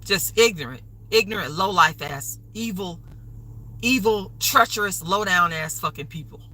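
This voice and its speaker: A woman's voice: on the low side, animated, moderate pace, pushed and bright, poor audio. A woman hosting a livestream, delivering an angry, profane, repetitive rant. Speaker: livestream host.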